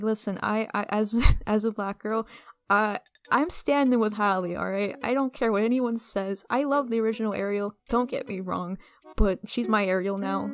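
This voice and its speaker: A young woman talking casually and excitably as she vlogs over a speedpaint, rambling with restarts and asides. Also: mid-range voice. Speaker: artist vlogger.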